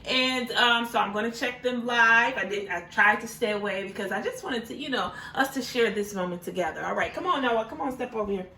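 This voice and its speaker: A chatty mother with a slightly high voice talks through her cooking in a home kitchen, apologizing and joking about the results. She stands a bit away from the mic, and a frying pan sizzles loudly behind her. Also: a little fast, hardly any pauses, echoey room, distant mic. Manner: chatty, apologetic, laughs at her own mistakes. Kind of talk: casual cooking vlog. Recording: voice a little off-mic, noisy kitchen. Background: sizzling frying pan and clicks.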